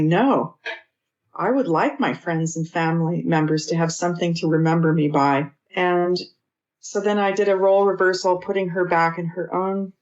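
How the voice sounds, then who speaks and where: A woman grief therapist and author, calmly recounting a therapy session with gentle, measured storytelling. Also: lowish voice, highs cut off. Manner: calm, measured storytelling with gentle quoted dialogue.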